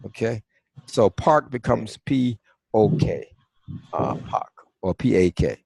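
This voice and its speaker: A man's voice: fairly low pitch, very animated, slow pace, creaky, a little mellow, breathy edge, dry recording. A man teaching an online class over a video call, quizzing and coaxing his students in a conversational way.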